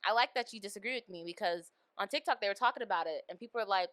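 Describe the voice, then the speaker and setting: Young woman hosting a podcast, super expressive, bright voice, dry close mic. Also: mid-range voice, rapid-fire, no echo. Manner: animated, acts out quoted lines. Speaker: podcast host. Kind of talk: casual movie review chat.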